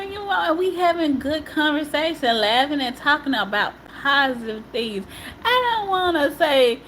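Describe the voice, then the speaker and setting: On a livestream, a woman with a very high, sing-song voice gives an emotional monologue that is emphatic and repetitive, speaking a little slowly. Her speech is casual and colloquial, she frequently breaks into laughter, and there is background noise.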